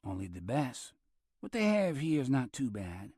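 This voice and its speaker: A male narrator voicing a laid-back man with a Mexican accent who speaks in an unhurried, matter-of-fact way. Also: medium pitch, sing-song, warm tone, slightly rough, no echo, studio quality. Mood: easygoing.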